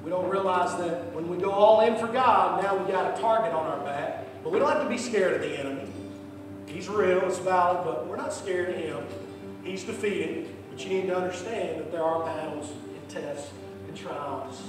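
A male pastor preaching an altar call, swinging from impassioned near-shouts down to soft, hushed prayer. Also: sits high, normal speed, music in the background. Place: church sanctuary. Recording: echoey church hall from far off, noisy.

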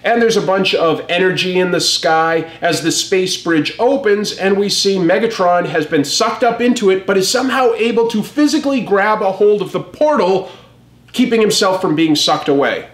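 A man giving casual, wry commentary on a comic as a review host. His voice sits a little on the high side. The room adds a noticeable echo. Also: expressive, normal speed.

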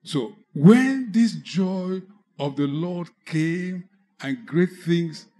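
A man preaching with a Nigerian English accent, telling a personal conversion testimony slowly, with halting restarts. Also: high-pitched, animated, dark tone. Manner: slow, halting storytelling with restarts. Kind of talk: testimony sermon.

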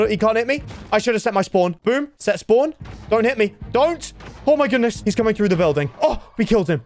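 Excitable man panicking through a game. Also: on the high side. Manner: excitable, jumping from calm remarks to panicked yelps. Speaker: gaming video host. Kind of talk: Minecraft challenge commentary.

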